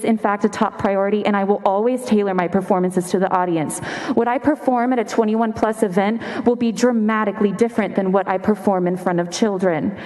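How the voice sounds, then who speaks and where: A young woman from Texas, reading prepared public testimony at a podium microphone, earnest and steady, slightly out of breath. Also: medium pitch. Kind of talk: prepared testimony read aloud. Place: large legislative hearing room. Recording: long reverb of a large hall.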